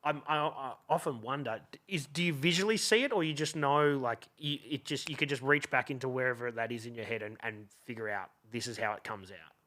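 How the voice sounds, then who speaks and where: A man hosting a podcast, asking questions in a halting, casual way with many restarts. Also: mid-range voice, sharp tone. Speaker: podcast host. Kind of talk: casual interview chat.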